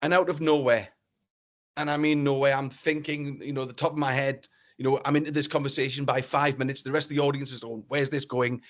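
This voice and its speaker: A middle-aged man, a business speaker, tells a story to an online audience in a lively way and acts out the dialogue with exclamations. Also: mid-range voice, fairly quick.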